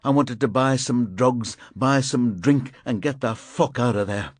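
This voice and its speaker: A man reading a crime thriller audiobook in measured, grim first-person narration. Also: medium pitch, dry recording. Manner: measured, grim, deliberate delivery.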